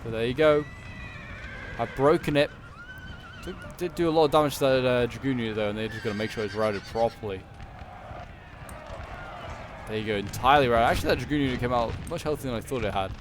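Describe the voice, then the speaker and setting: A man giving relaxed, unscripted commentary on a strategy game battle, thinking aloud with frequent pauses. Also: mid-range voice, background noise.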